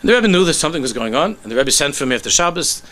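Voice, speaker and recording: Male rabbi, storytelling sermon, lively delivery that drops quiet and low. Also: racing. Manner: animated storytelling, sinks to soft low tones.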